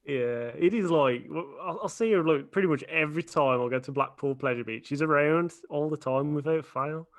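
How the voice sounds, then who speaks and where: A man, a guest on a video call, chatting in a relaxed, giggly way. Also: on the high side, moderate pace, few pauses. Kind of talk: casual chat.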